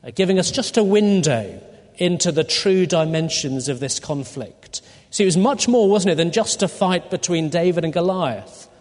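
A man preaching a sermon through a Bible passage, deliberate and full of rhetorical questions to his listeners. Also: high voice, lively intonation, darkish tone. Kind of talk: expository sermon. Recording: long hall reverb.

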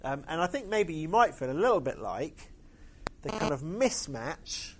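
A man's voice: on the high side, big pitch swings, moderate pace, a little hiss or hum. Hesitant man preaching a sermon. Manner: hesitant, many fillers.

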